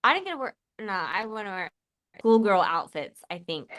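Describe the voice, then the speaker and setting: A woman's voice: medium pitch, very animated, normal speed, fairly bright tone. A woman hosting a live podcast, chatting casually in a rambling, emotional, giggly way. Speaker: podcast host.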